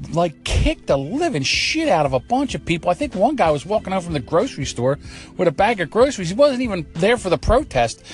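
A man from the United States hosts an opinion segment, ranting bluntly and swearing freely. His voice sits a little high for a man, and faint music plays under it. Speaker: commentary show host. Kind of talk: opinionated monologue.

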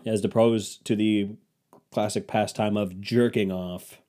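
A man's voice: on the low side, fairly even intonation, measured pace, dark tone. Rambling, crude young comic man. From Cleveland, Ohio. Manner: rambling, self-mocking, crude. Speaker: podcast host. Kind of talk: comedic monologue.

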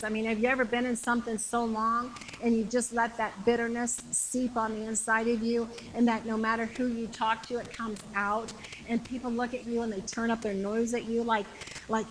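A woman preaching a sermon with passion, repeating phrases and shouting the climactic lines. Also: on the high side, slight background noise, poor audio.

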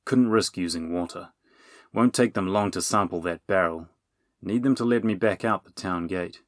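A man voicing a practical male friar who talks loudly and grumbles. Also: low voice, normal speed, no room sound, studio quality, natural voice. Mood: grumbling. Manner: loud and grumbling.

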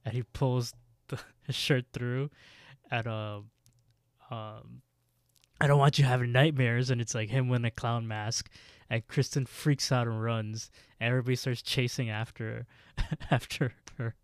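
A man's voice: medium pitch, steady tone, measured pace, clean tone, no echo, studio quality. A man co-hosting a podcast, retelling a story casually and laughing often. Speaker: podcast co-host. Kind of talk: casual recap chat.

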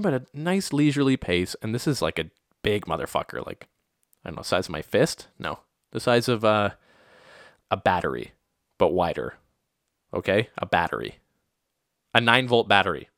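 A young adult man hosting a podcast, telling stories casually with lively acted-out quotes. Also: on the low side, normal speed, pauses often, dry recording, clean studio sound. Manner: animated, lots of acted-out quotes and laughter. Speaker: podcast host. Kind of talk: casual storytelling monologue.

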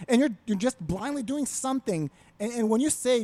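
High-voiced man ranting, swearing a lot. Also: quick pace, few pauses. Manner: profane, ranting, animated. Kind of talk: casual podcast chat.

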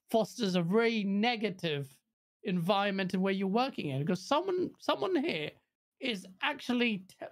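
A woman co-hosting a gaming podcast, talking bluntly in casual chat, swearing freely and jumping into high mocking quotes of other people. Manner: blunt, profane ranting. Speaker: podcast co-host.

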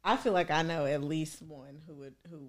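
A woman's voice: low voice, moderate pace. A young woman, arguing her point at length in a casual chat. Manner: argumentative, explains at length.

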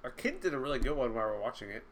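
A man's voice: mid-range voice, sing-song, racing, slight background noise. A man co-hosting a casual movie chat, dropping dry, teasing one-liners.

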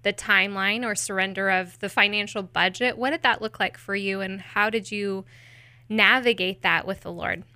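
Bright, clear-voiced woman host. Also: mid-range voice, fairly even intonation, moderate pace, no echo. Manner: gentle probing questions, frequent affirming murmurs. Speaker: podcast host. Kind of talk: faith podcast interview.

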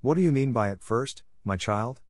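A man doing a kind fatherly gentleman. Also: fairly low pitch, expressive, brisk, no echo, clean studio sound. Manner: gentle, encouraging.

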